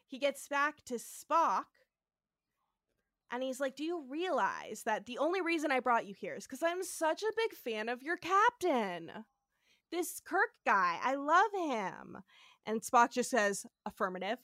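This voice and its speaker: Lively profane woman, dry close sound. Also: high voice, no echo. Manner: profane, animated retelling with acted-out quotes. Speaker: podcast co-host. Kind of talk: casual chat recapping an episode.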